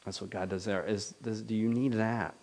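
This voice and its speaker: A man preaching a sermon in a lively manner, swinging between loud declarations and soft, quiet asides, then leading a prayer. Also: on the low side, normal speed, vocal fry. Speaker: pastor.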